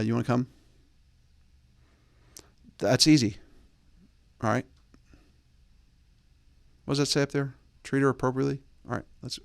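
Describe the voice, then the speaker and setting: A man's voice: a bit bright, no room sound. A male host giving blunt, bossy dating advice in a casual monologue, close to the mic. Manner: blunt, bossy, mocks texts in a high put-on voice.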